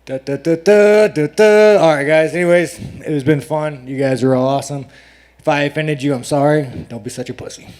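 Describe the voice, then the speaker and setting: A man ranting profanely at a press scrum, swinging between mumbles and shouts. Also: fairly high pitch, fairly even intonation, a little fast. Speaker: fighter at media day. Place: media scrum with crowd.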